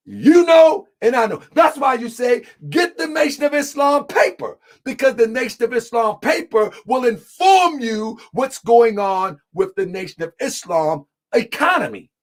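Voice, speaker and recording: In a heated live debate, a man with a very high voice speaks emphatically, frequently shouting. He repeats lines for effect and addresses the audience as family.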